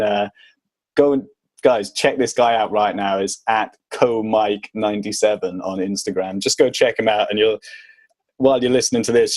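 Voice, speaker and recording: A British man from the UK with a lowish, darkish voice hosts a fitness podcast. He is chatty and laid-back, with lots of fillers.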